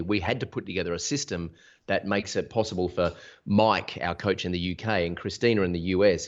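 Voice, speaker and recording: A man talking as an interview guest, explaining his business with energy, examples and restarts in casual conversation. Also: sits low. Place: Sydney. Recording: dull lo-fi sound.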